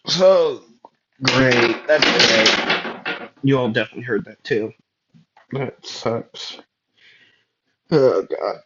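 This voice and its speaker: A man's voice: medium pitch, extremely slow, pauses often, bright, forceful tone, lo-fi sound, a little hiss or hum. A young man casually narrating a fan story, rambling with fillers and self-deprecating asides.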